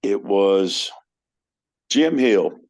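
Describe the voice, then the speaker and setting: A man chats as a guest on a podcast, telling personal stories in an earnest way and often restarting his sentences. His voice has a gravelly, fry-laden texture and sits fairly low. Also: animated, drawn-out words, darkish tone. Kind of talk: casual chat.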